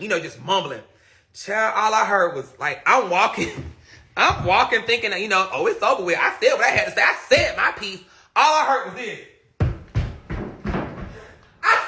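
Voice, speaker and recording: Male streamer, very bright tone, animated storytelling with frequent laughs. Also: high voice, moderate pace, pauses often. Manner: animated, laughs often, talks straight to viewers. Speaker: live streamer. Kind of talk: casual storytelling on a live stream.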